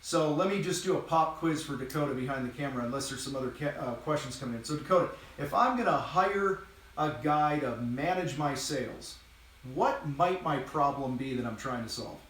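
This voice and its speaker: This host and business coach for contractors runs a live training session for the camera, his medium-pitched voice fairly quick and a bit bright. He's blunt and casual, with bursts of energy and the odd swear word. Because he moves around, his voice sits far from the distant mic in a very echoey room.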